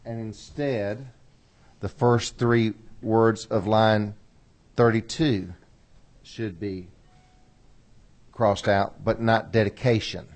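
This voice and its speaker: A man's voice: lowish voice, steady tone, a little mellow. Folksy man chairing a hearing. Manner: folksy, apologetic, slow and careful when reading bill text. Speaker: committee chairman. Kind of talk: chairing a legislative committee hearing. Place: legislative committee hearing room.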